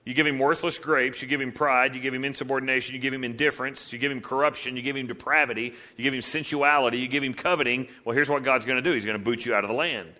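A male pastor preaching a sermon with an animated style, asking rhetorical questions and acting out the voices in the stories he tells. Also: mid-range voice, fast, few pauses.

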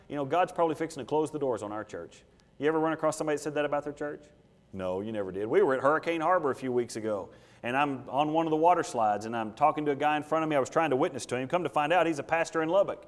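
A man's voice: a little high, rapid-fire, long reverb tail. A man preaching a sermon as pastor, folksy in his stories and emphatic when he drives a point home.

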